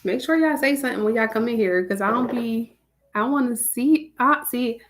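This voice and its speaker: A woman's voice: a little high, normal speed, slight background noise. A woman hosts a live stream. She greets viewers by name and chats casually and easily with them. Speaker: livestream host.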